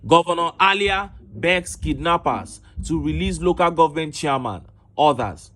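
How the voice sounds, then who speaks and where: A Nigerian-accented man with a fairly high voice reads out news reports and social media posts. He keeps stopping to fire off indignant rhetorical questions. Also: animated, moderate pace, a bit bright. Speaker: political commentator. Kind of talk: reading news and tweets with commentary.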